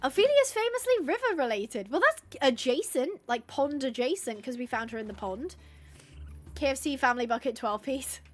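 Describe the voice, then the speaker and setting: Chatty high-voiced woman streamer. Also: animated, moderate pace. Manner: chatty, reads out chat suggestions, coos at animals. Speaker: livestreamer playing a horse-rescue game. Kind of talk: casual live-stream chat.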